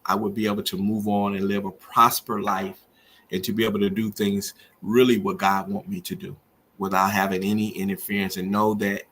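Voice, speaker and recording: A man's voice: fairly low pitch, a bit bright. A middle-aged man hosting a podcast, talking earnestly and preacherly about grief and faith. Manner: earnest, preacherly, rising with feeling. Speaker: podcast host. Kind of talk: emotional personal monologue.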